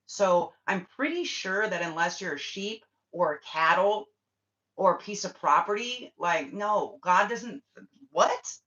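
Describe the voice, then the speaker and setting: In dull lo-fi livestream audio, a woman hosting a spiritual stream rants bluntly to her viewers, swearing often. Her medium-pitched voice is animated, slow and a bit bright, in casual chat.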